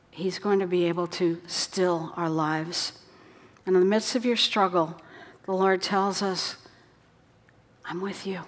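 A woman preaching a sermon in an earnest way, her voice dropping soft for quoted words. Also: fairly low pitch. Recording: long hall reverb.

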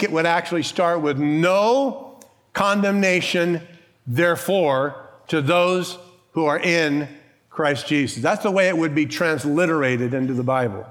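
A man's voice: on the high side, a bit bright. A man who is a pastor, preaching a sermon in a church with an emphatic, conversational style, rhetorical questions and bits of humor.

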